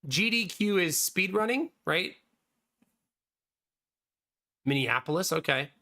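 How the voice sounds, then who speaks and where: A man in his thirties, slightly hoarse, chatting casually on a live stream and answering viewers by name. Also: high-pitched, expressive, normal speed, sharp tone. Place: home streaming room.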